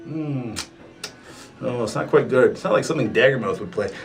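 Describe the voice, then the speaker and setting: A comic performer doing a whiny, petulant rant as a wrestler, with slow repeated chanting and bits of singing. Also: male voice, mid-range voice, over loud music, low-quality recording. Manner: sings along to a ukulele. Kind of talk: comedy rant monologue. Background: faint ukulele.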